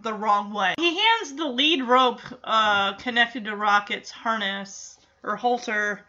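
A woman's voice: a little high, takes it slowly, bright, forceful tone. A woman casually recapping a sitcom episode, animatedly acting out the characters' lines and laughing as she goes. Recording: dull lo-fi sound.

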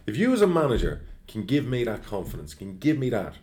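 Deep-voiced bloke, club chairman, blunt and sweary, animated chat. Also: brisk. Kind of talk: casual interview chat.

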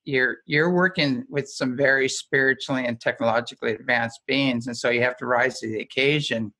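A man's voice: medium pitch, a bit bright. A man talking as a guest in a casual conversation, telling stories in a rambling way with frequent restarts and chuckles.

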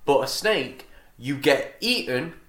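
A man's voice: medium pitch, lively intonation, slow, fairly bright tone. A man co-hosting a podcast, giving wry, blunt commentary in casual chat. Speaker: podcast co-host. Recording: roomy echo.

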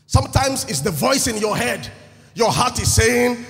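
A man's voice: high voice, big pitch swings, moderate pace, creaky, a bit bright. A man preaching a sermon, who acts out the crowd and keeps putting questions to the congregation. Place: church hall. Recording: echoey hall with long reverb.

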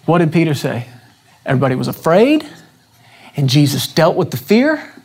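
A man's voice: a little high, big pitch swings, moderate pace, darkish tone, slightly rough. A man preaching a sermon, repeating questions to his congregation with emphatic restarts.

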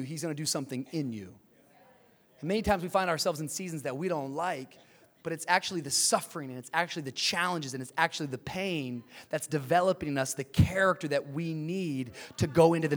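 A man in his thirties preaches to a congregation with a bright, high-set voice. He drops to a quiet, conversational tone for jokes and stories, then builds to loud, shouted peaks. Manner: swings from hushed to shouting, playful asides. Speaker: pastor. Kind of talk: sermon.

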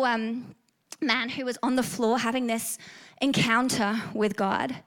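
A woman's voice: high voice, a bit bright. A woman with an Australian accent preaching a sermon, earnest and storytelling, rising to fervent emphasis.

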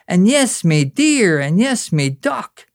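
A man's voice: high voice, very animated, takes it slowly, no echo, clean studio sound, voice pushed up, heavily acted. A man voicing scheming male government officials who bluster and curse while plotting, inside a recited poem. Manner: blustering, cursing proclamation.

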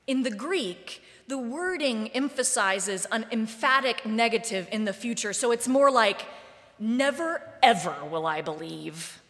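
A woman pastor preaching a sermon in a church sanctuary, deliberate and wry in a conversational way, with the long reverb of the sanctuary around her voice. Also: a little high, a bit bright. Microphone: live-streamed service mic.

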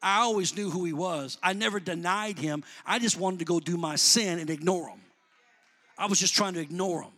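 High, bright-voiced preacher man. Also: moderate pace. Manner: builds to shouting, then drops back to conversational; colloquial, calls out to the congregation. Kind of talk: sermon.

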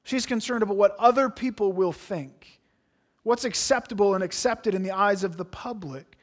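A man preaching a sermon, reading scripture aloud and then explaining it earnestly, sometimes dropping to a hushed aside. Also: high voice, normal speed.

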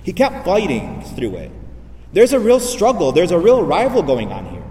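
Mellow-voiced priest preaching in an echoey hall. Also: male voice, high-pitched, huge pitch swings, normal speed, recorded from a distance. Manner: repetitive, with rhetorical questions. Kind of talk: sermon.

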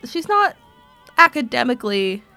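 A young woman with a slight lisp chats on a podcast, close to a dry microphone. She jokes a lot, often restarts her sentences, and keeps the talk lively. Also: a little high, normal speed, gravelly, dry recording, faint music behind. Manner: animated, jokey, restarts sentences. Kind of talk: casual podcast chat.

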